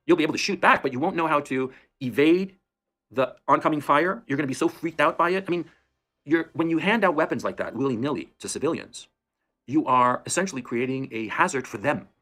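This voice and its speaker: Fast-talking lecturing man. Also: on the high side, expressive, fairly bright tone. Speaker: commentator in a played video clip. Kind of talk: opinion commentary.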